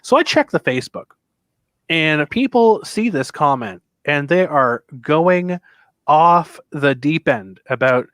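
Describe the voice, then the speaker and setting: A man in the middle of a long story, getting animated and putting on voices for the people in it. He talks loosely and swears freely. The sound is dry and close, with no room echo. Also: on the high side, takes it slowly. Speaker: podcast co-host telling a convention story. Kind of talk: casual storytelling.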